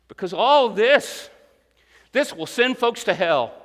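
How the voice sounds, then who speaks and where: A man's voice: sits high, animated, moderate pace, fairly bright tone, long reverb tail. A man preaching a sermon as pastor, earnest and building to emphatic peaks, sometimes acting out the inner voices of his listeners.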